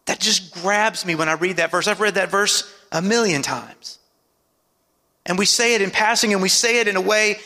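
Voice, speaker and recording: A man preaching a sermon as pastor, calling out to the congregation for amens and dropping his voice low for emphasis. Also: moderate pace, vocal fry, sharp tone, long reverb tail. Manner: preaching with call-and-response asides and dramatic drops in pitch.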